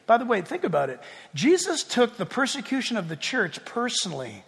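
A man preaching as a pastor, animated, moving from hushed tones to loud calls. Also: high voice, fairly quick, creaky, breathy edge. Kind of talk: sermon. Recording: long reverb of a large hall.

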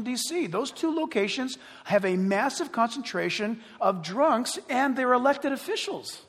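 A man preaching a sermon as pastor, animated and joking, acting out the voices of other people. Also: extremely high pitch, in a large hall, a little hiss or hum.

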